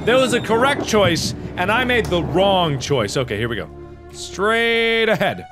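A young man hosting a let's-play of a horror game, talking to himself and the viewers and bursting into loud, sweary outbursts and screams. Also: high voice, big pitch swings, a little slow. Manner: talks to himself and the viewers while playing. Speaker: gaming video host. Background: game music.

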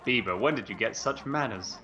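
A man's voice: on the low side, expressive, fairly quick, pushed and bright. A British man co-hosting a let's play, bantering and humming nonsense tunes while he plays. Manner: bantering, hums and sings nonsense while playing. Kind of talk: casual gaming commentary. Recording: dull lo-fi with game music.

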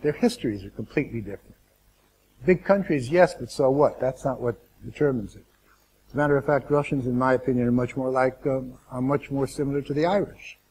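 A man speaking as a guest lecturer to students, deliberate and wry, with asides and restarts. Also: mid-range voice, darkish tone, a little hiss or hum.

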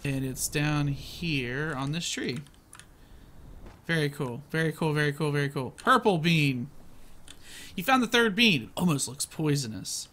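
A man giving casual, excitable commentary as he plays a video game and narrates his own moves. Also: on the high side, a little slow. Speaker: gaming channel host.

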